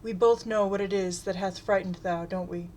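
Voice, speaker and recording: A woman's voice: mid-range voice, fairly even intonation, normal speed, a little mellow, slight background noise, close to an everyday voice. A woman reading aloud and voicing a pompous male cult leader who preaches in mock-biblical speech. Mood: preachy.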